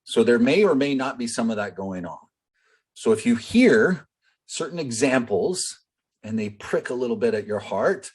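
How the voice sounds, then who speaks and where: A man's voice: mid-range voice, a little mellow, breathy edge. A man working as a business coach, teaching a live online group call in a loose, conversational way full of fillers and direct asks to the group. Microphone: video call.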